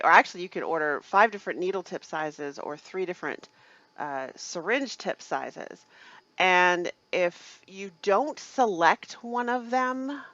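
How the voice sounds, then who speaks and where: A woman, co-hosting a casual live chat, chatty and quick to laugh, sometimes halting as she talks. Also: on the low side, fairly bright tone, no echo, highs cut off. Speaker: livestream co-host, shop owner.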